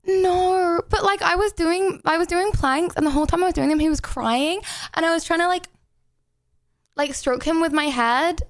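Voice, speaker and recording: A woman's voice: very high voice, moderate pace, no room sound, clean studio sound. A woman streamer chatting casually with her live chat in a bubbly, rambling way while she plays a drawing game.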